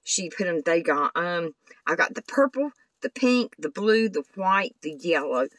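A woman's voice: lowish voice, expressive, measured pace, fairly bright tone, no echo, recorded from a distance, low-quality recording. An older woman, chatting casually in a craft vlog and gushing over the things she shows. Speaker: craft vlogger. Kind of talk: casual show-and-tell vlog.

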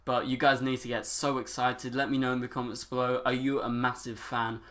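A man's voice: mid-range voice, little pitch movement, fairly quick, a bit bright. A seventeen-year-old man reacting on his channel, gushing and overexcited, talking in a breathless rush. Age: teenager, 17. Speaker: YouTuber. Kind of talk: excited reaction vlog.

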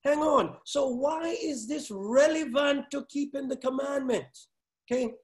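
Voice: sits high, darkish tone. A pastor giving a sermon, hammering key words over and over and firing questions at the congregation. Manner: halting restarts, then building force.

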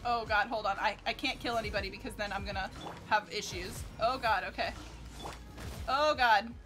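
A woman streaming a game, giving casual, animated commentary and cursing at the enemies. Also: mid-range voice, moderate pace. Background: game music and sounds.

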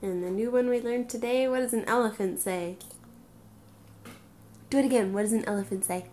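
A woman's voice: a little high, fairly quick, warm tone, slight background noise. A woman in a home video, playfully asking her toddler questions in a sing-song way. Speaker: parent.

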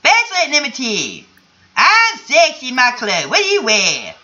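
A woman comments casually on a game and swears freely. Her voice is bright and a little high, with a lively pitch. It comes through a dull, lo-fi home mic. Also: moderate pace. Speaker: let's-play host.

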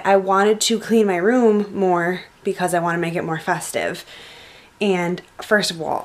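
Chatty American young woman vlogging. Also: fairly low pitch. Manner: chatty, rambling, easygoing. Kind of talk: casual chat to camera. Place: her bedroom at night.

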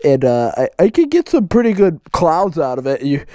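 A man putting on the voice of a laid-back car guy obsessed with vaping, drawling with lots of slow pauses. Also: on the high side, sing-song, mellow, no room sound, voice pushed down.

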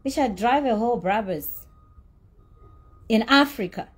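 A woman with a slightly high, husky voice tells her story as a heated rant. She is blunt and indignant and swears freely. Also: lively intonation, unhurried. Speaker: socialite telling her side.

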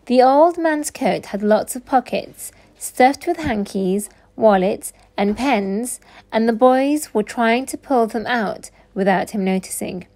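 A woman teacher reading a children's storybook aloud with slow, expressive narration. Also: fairly high pitch.

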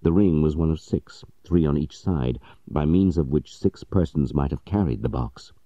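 A man with an extremely deep voice narrates a story in steady, measured tones, the timbre very dark and mellow. The recording is dry and close, with a dull, lo-fi edge. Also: dry recording. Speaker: audiobook narrator.

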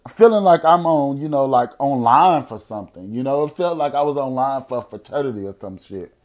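A young adult man hosting a podcast, telling a personal story in a casual, profane way, at times lively and at times quiet and serious. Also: mid-range voice, brisk. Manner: profane, animated storyteller who drops to quiet, serious tones. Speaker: podcast host.

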